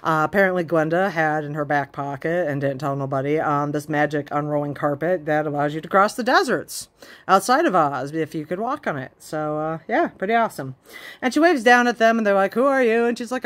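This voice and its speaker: A woman's voice: sits low, expressive, a little fast. A woman casually retelling a storybook in a car, chatty, laughing often and filling with ums. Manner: chatty, laughing, many fillers. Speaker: book vlogger. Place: inside a car.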